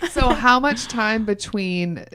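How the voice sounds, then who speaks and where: A woman co-hosting a podcast chat, tossing in quick witty reactions and jokes. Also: a little high, sharp tone, clear, resonant tone. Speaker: podcast co-host. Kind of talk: casual chat.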